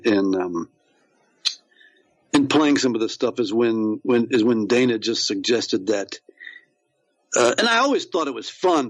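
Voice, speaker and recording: A man's voice: medium pitch, no echo, poor audio. A man, an actor, chatting as a podcast guest, rambling with many fillers and restarts. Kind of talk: casual interview chat.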